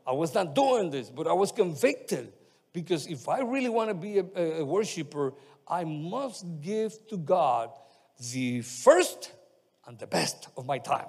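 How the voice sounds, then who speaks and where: A man preaching a sermon as pastor, lively and emphatic, playing out his listeners' objections as he speaks. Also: a little high, breathy edge. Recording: long hall reverb.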